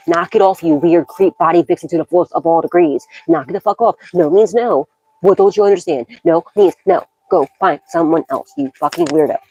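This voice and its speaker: A woman's voice: deep voice, a little mellow, poor audio. A woman gives a psychic tarot reading as a loose, casual monologue. She is blunt and profane, scolding freely and breaking into bursts of laughter as she talks.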